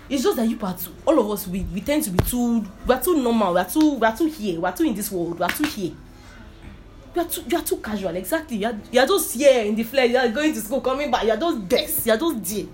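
A woman preacher with a slightly high, darkish voice gives an informal sermon featuring her own testimony. She repeats herself for emphasis and frequently checks whether her listeners understand.

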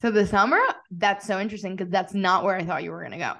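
A woman co-hosts a podcast and chats casually, animated and emphatic, often joking. Her voice has an ordinary pitch for a woman. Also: quick pace, vocal fry. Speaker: podcast co-host. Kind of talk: casual chat.

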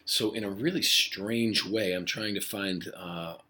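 Rambling low-voiced male teacher. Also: fairly even intonation, unhurried, pushed and bright. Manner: rambling, reflective, many fillers and restarts. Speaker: high school Spanish teacher. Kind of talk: casual podcast talk to students. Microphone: home podcast mic.

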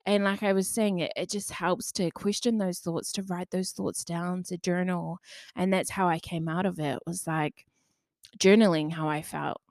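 In a studio-quality, dry recording, a young woman with a fairly low-pitched voice speaks candidly on her podcast. Her personal monologue is chatty and loose, peppered with fillers and occasional swearing.

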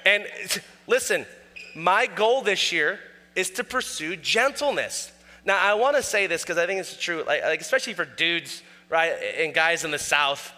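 A middle-aged male pastor with a high, very bright and forceful voice delivers a sermon from the pulpit. He tells self-mocking stories in an animated way and acts out quotes. Long reverb from the sanctuary trails his words. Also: moderate pace.

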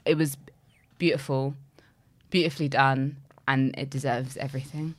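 A woman's voice: a bass voice, steady tone, moderate pace. A young woman co-hosting a podcast, chatting casually and enthusiastically, often breaking off and restarting. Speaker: podcast co-host. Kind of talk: casual chat.

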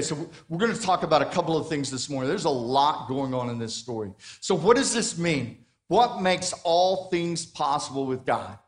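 A pastor with a slightly high male voice preaches in a relaxed, talky style. He keeps questioning his listeners, and he restarts his phrases and doubles words as he goes. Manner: conversational preaching, asking the congregation questions; frequent restarts and repeated words. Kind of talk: sermon.

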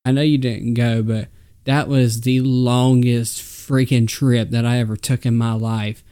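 A man's voice: medium pitch, level tone, unhurried, warm tone, smooth. A man co-hosting a podcast, rambling through stories with fillers and frequent laughter. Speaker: podcast co-host. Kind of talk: casual chat.

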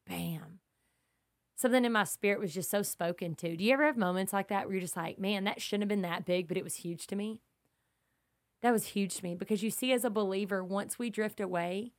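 A woman of middle pitch gives a devotional podcast teaching. She speaks earnestly and with emphasis, and she slips easily into personal stories. Her tone stays casual and direct, like a mom talking to her listeners. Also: creaky. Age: young adult to middle-aged, mother of kids. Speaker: podcast host teaching scripture.

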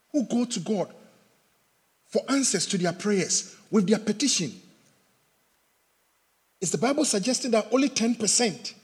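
A male pastor preaching a sermon, swelling loud and then dropping soft. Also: sits high, slightly rough. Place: church sanctuary. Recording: reverberant hall.

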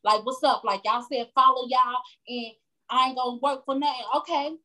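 A woman in a casual chat who talks in a relaxed way and often checks in with her listener. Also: high-pitched, normal speed, poor audio. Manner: relaxed, fillers like "you get what I'm saying".

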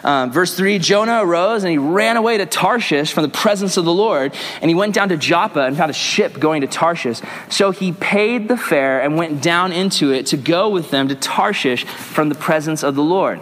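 A young adult man, a youth pastor, reading scripture aloud and teaching a group in an energetic, joking, slangy way. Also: fairly high pitch, normal speed, few pauses. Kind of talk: casual Bible teaching to a group. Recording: long echo of a large hall.

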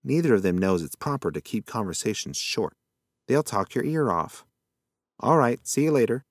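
A man's voice: medium pitch, big pitch swings, normal speed, no room sound, clean studio sound. A man voicing a forgetful old male possum who rambles in a folksy, muddled way. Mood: rambling.

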